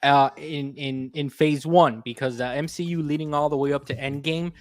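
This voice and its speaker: A man hosting a casual gaming podcast, talking in an animated, friendly way. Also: on the high side, normal speed, no room sound. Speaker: podcast host. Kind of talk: casual chat.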